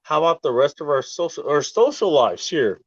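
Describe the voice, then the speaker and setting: A man hosting a show in a profane mock-serious rant, firing rhetorical questions and dropping from loud outbursts to near-murmurs. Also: on the high side, big pitch swings, moderate pace, no room sound. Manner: heavy swearing, rhetorical questions. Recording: dull lo-fi dry recording.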